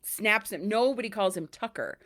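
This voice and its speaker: A woman co-hosting a podcast, talking in an easy, casual way. Her voice moves a lot in pitch, rising and falling as she tells stories and plays every part in them. She sits at a middle pitch. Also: moderate pace. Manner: animated storyteller, acts out both sides of the call. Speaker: podcast co-host. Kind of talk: casual chat, retelling a customer service call.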